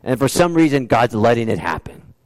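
A man's voice: medium pitch, very animated, fairly quick, in a large hall. A man preaching a sermon as pastor, earnest, asking rhetorical questions and repeating key phrases for emphasis.

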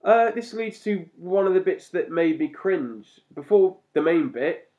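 A talkative man co-hosting a podcast, breaking into laughs and sudden animated bursts as he chats. His voice sits at a middling pitch. The recording is slightly muffled and lo-fi. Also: a little slow. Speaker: podcast co-host. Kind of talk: casual chat reviewing a cartoon episode.

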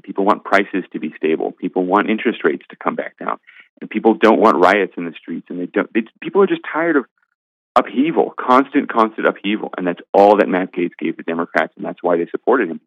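A man with a very deep voice makes his case firmly and emphatically as a guest commentator. His voice is dry and tinny, as if coming down a phone line. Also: lively intonation, brisk, no echo. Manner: emphatic, argumentative. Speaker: guest commentator, senior editor. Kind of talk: political commentary interview.

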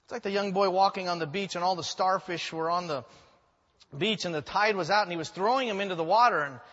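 Bright-voiced male pastor preaching in a hall. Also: high-pitched, fast. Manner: animated storytelling with joking asides. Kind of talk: sermon. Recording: echoey hall, dull sound.

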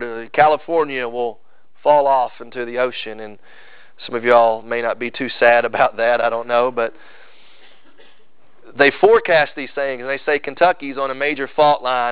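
A man preaching a sermon as pastor, moving from loud emphasis to hushed, drawn-out intensity. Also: medium pitch, clean tone, dry recording. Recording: slightly dull, dry sound.

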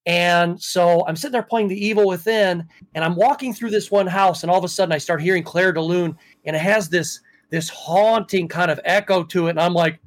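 A man's voice: high voice, brisk. A man hosting a casual podcast, telling stories in a chatty way with frequent restarts. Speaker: podcast host. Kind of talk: casual chat.

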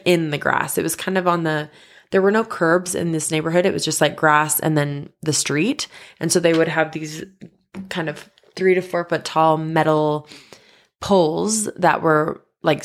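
A young woman hosting a podcast, telling a personal story in an animated way and acting out the lines of the people in it. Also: low voice. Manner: animated, quoting others in dialogue, breaks into laughs. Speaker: podcast host.

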